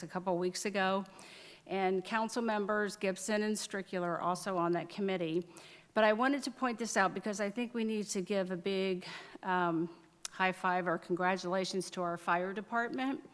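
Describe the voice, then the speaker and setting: A woman council member giving a committee report at a city council meeting, reading from notes with frequent fillers. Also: mid-range voice. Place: council chamber. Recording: reverberant council chamber.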